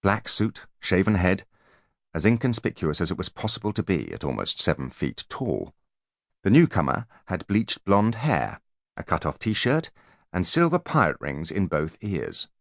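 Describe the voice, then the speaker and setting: Male audiobook reader, low voice, animated storytelling, dry booth. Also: measured pace, creaky, dry recording. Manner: expressive storytelling. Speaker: audiobook narrator. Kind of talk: scripted narration.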